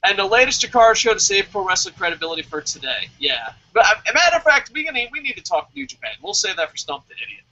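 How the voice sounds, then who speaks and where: A man from New Jersey co-hosting a casual wrestling review show, excitable and profane, with mock-formal bits. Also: sits high, fast talker, hardly any pauses. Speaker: podcast co-host. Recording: dull lo-fi audio.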